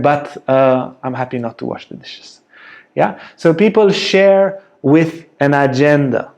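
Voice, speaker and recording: A man giving a spoken teaching talk, slow and deliberate, often checking in with a soft "yeah?". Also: on the high side. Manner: slow, deliberate, gentle delivery with frequent "yeah?". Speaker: yoga teacher.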